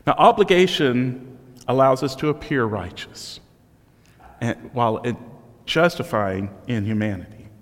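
A man's voice: mid-range voice, unhurried, long reverb tail. A male pastor preaching a sermon, in a conversational, self-deprecating storytelling manner.

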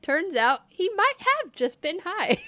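Slow-talking woman laughing through stories. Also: extremely high pitch, big pitch swings, pushed and bright, no room sound. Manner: laughs often while telling stories. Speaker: podcast co-host telling stories. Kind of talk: casual storytelling chat.

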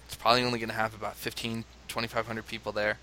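Animated storytelling American man, bright voice. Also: fairly low pitch, very fast, slight background noise. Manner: animated storyteller, laughs often, mimics crowd chants. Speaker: father telling a story. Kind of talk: casual conversation, anecdote.

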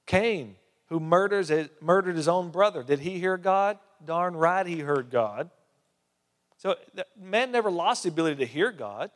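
A male preacher delivers a sermon in a fairly high voice. He swings between emphatic, rising passages and hushed drops. His voice carries a long reverb, as in a large church hall. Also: expressive, normal speed. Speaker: pastor.

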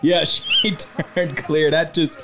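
A man's voice: fairly high pitch, wildly swooping pitch, takes it slowly, noisy background. A man co-hosting a podcast in casual chat, joking, laughing easily and reviewing movies. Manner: jokey, laughs easily, drifts into movie quotes. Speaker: podcast co-host.

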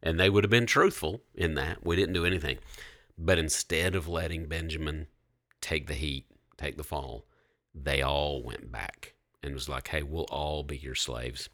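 A man casually retelling a Bible story as host, reading passages aloud in a relaxed way. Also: extremely low pitch, normal speed, no echo, studio quality.

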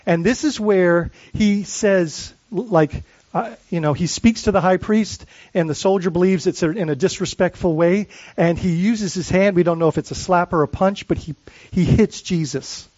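A man's voice: high-pitched, moderate pace, darkish tone, dry recording, highs cut off. A man preaching as a pastor, earnest, asking rhetorical questions and often restarting his sentences. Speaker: lead pastor. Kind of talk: sermon.

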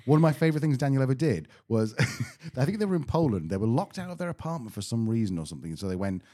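A man's voice: mid-range voice, sing-song, fast, mellow. A man co-hosting a podcast, chatting casually with dry, self-mocking banter. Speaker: podcast co-host. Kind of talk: casual chat.

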